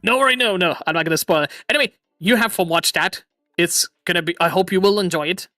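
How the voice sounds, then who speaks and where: A man hosting a casual livestream chat from a home setup on a boom mic, excitable, swearing and laughing often, with an imitation British accent. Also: fast talker, no echo, studio quality. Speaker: streamer host. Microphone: boom arm microphone.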